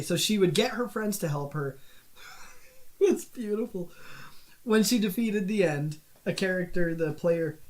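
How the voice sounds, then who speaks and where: A man co-hosting a podcast, reading out notes in a casual way with joking asides. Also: high voice. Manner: reads facts, breaks into laughs and jokes. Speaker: podcast co-host.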